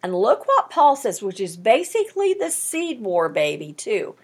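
A woman's voice: on the high side, wildly swooping pitch, measured pace, husky. A woman teaching a Bible study, reading scripture aloud and commenting on it with strong emphasis.

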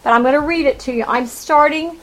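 A woman teaching through a Bible passage, animated and emphatic, with rhetorical questions, conversational asides and sudden rises and drops in loudness. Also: high-pitched, brisk, low-quality recording.

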